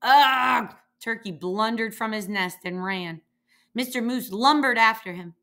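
A woman reading a children's picture book aloud, slowly and expressively, giving the animals their own voices. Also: a little high. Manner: lively character voices, slow and expressive. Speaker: reader.

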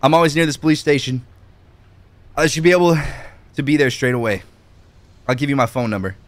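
A man reading out the lines of an earnest male police officer in a calm, level way. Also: medium pitch, fairly quick, dry recording, voice pushed down, lightly acted. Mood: reassuring.

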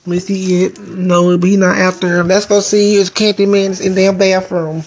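A woman's voice: mid-range voice, little pitch movement, normal speed, darkish tone. A woman chatting casually on a live stream from home into a phone, rambling and swearing in a playful way. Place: indoors at home.

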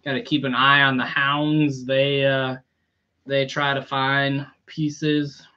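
A man live-streaming a toy unboxing in a relaxed, chatty way, greeting viewers by name. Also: mid-range voice, takes it slowly, clear, resonant tone, highs cut off. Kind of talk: casual live-stream chat.

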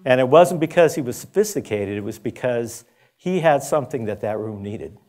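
A man's voice: medium pitch, animated, moderate pace, darkish tone. A man giving a conference lecture, telling an anecdote in a loose, conversational way, with restarts and asides. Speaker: conference speaker. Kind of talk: storytelling lecture. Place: school conference talk.

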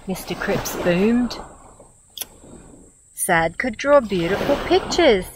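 A middle-aged Australian woman reads a picture book aloud outdoors by the water. She speaks slowly and gently at an ordinary pitch, adding warm asides between pages. Outdoor ambience and insect noise can be clearly heard around her. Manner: gentle, expressive, comments warmly between pages. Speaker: storyteller. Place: outdoors by a beach.

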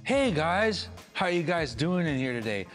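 A man's voice: on the high side, very animated, measured pace, a bit bright, faint music behind, pitched above the performer's own voice. A man putting on the voice of a cheery, polite Midwestern Empire agent who offers a captive a drink before the torture. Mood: cheery menace. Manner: chirpy, folksy hospitality.

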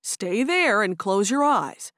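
A woman narrator voicing a steady, playful young Amish man who speaks firmly. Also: medium pitch, takes it slowly, no room sound, clean studio sound. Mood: teasing. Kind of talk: audiobook character voice.

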